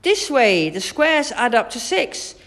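A woman doing a bright eager young girl. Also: a little high, sing-song, slow, long reverb tail, voice pushed up, heavily acted. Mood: confident. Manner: eager, urging. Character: plucky young schoolgirl adventurer.

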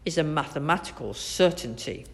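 Know-it-all scientist guy, flat lecturing tone, a lady reading him. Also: low voice, moderate pace, pitched below the performer's own voice. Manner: matter-of-fact, lecturing. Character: know-it-all male scientist who over-explains.

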